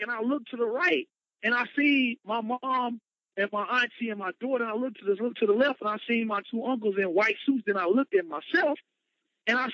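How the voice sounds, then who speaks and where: A man's voice: high voice, no echo. A man, a motivational speaker, telling his personal story with emphatic, dramatic retelling. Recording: dull lo-fi, dry sound.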